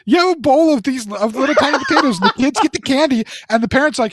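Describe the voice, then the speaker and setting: A man's voice: extremely high pitch, expressive, fast, fairly bright tone. A man co-hosting a casual podcast, rambling and stammering through repeated words, laughing as he jokes. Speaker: podcast co-host.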